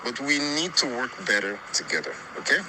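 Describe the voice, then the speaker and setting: A man's voice: medium pitch, very animated, a little fast. A man speaking earnestly and conciliatorily to a group, often repeating himself as he explains how to work together. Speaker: group organizer. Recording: faint background noise.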